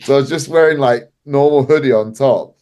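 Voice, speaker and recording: A man's voice: medium pitch, a little fast, darkish tone. A man telling stories as a podcast guest, chatty, laughing often and filling his speech with "like". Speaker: wrestling promoter guest. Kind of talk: casual podcast storytelling.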